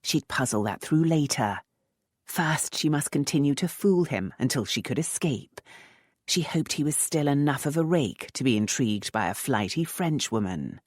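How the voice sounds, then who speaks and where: An audiobook narrator reading a romance novel in a measured, expressive way. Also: mid-range voice, no room sound, studio quality.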